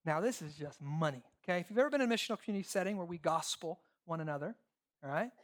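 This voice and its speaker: A pastor in full sermon mode at a middling pitch. The delivery is emphatic and repetitive, stacking phrases into long lists, asking rhetorical questions, and tagging lines with "okay?" and "right?". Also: lively intonation, rapid-fire. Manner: checks in with listeners often ("okay?", "right?").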